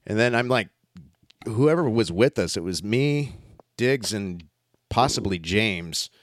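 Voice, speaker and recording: A man telling a story in casual chat, animated and swearing often, acting out what others said. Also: lowish voice, takes it slowly, dry recording, clean studio sound.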